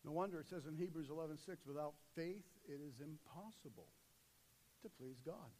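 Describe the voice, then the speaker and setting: A man preaching a sermon, swinging between loud urgent passages and low, quiet intensity. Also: normal speed, slight background noise.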